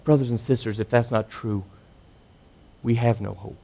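A man preaching a sermon, earnest, swinging between loud emphatic lines and hushed ones. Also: medium pitch, fairly even intonation, normal speed, creaky.

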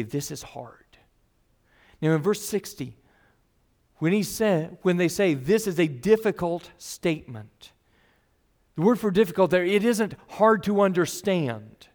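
A man's voice: high-pitched, a little mellow. Earnest man preaching a sermon. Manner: earnest, emphatic, voices the listeners' objections. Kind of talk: expository sermon.

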